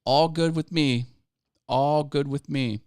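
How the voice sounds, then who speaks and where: A man's voice: on the high side, fairly even intonation, slow, darkish tone, clean tone, no room sound, studio quality. A man hosting a casual live stream about growing a video channel, upbeat and chatty, laughing easily and thanking viewers. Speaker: YouTube coaching livestream host.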